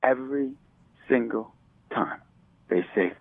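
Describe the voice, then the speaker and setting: A man telling motivational stories as an interview guest, energetic and excitable. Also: mid-range voice, fairly quick, creaky, husky, no room sound. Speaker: ministry leader, interview guest. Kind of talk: motivational storytelling. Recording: tinny dry phone line.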